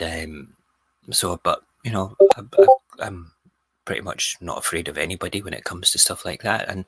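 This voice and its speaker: A man hosting a radio show, telling a story in a casual, animated way. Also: sits low, husky, no echo. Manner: animated storyteller, mimics people. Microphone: close studio mic.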